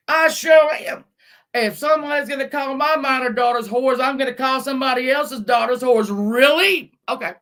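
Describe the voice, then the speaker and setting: A woman ranting angrily on a live stream from her car, scolding and swearing, with bursts of shouting. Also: high voice, fairly even intonation, moderate pace. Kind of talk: angry live-stream rant.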